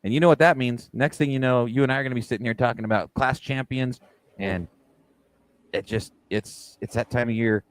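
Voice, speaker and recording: A man's voice: mid-range voice, fairly quick, dry recording. Joking man in a dry-sounding room. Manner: laughing, joking. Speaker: podcast co-host. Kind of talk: casual chat.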